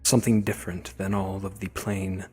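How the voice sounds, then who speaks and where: A man narrating a tabletop game as game master in a measured way. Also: deep voice, level tone, darkish tone, slightly rough, faint music behind.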